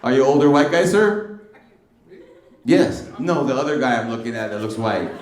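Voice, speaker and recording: A man's voice: mid-range voice, expressive, normal speed, slight background noise. A middle-aged male stand-up comedian doing brash, teasing crowd work with plenty of slang. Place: comedy club stage. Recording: roomy club sound from a distance. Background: audience laughter.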